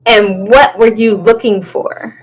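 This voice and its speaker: A woman's voice: mid-range voice, fairly even intonation, takes it slowly, rough recording. A woman hosting a podcast interview, chatting casually and laughing, often turning to the audience as "y'all". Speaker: podcast host.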